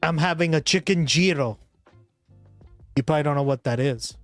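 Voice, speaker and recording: A man hosts a livestream, chatting casually in a rambling, profane way and laughing often. His voice is on the high side at a moderate pace, with faint music behind him.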